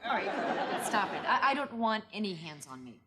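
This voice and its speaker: A woman's voice: mid-range voice, big pitch swings, moderate pace, some chatter behind. An actress playing a level-headed young woman with a dry, unimpressed manner, in sitcom style. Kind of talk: 1990s sitcom acting. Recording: loud hiss, studio audience laughter.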